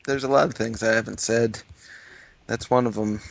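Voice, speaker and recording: A man's voice: moderate pace, creaky, no echo. A man co-hosting a casual comedic podcast, answering with dry disbelief. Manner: dry, incredulous, lively pitch swings. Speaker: podcast co-host.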